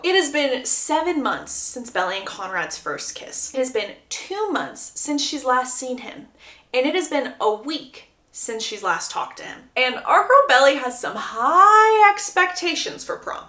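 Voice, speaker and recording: A woman's voice: high voice, measured pace, echoey room. Chatty woman recapping a book. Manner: animated, gossipy storytelling.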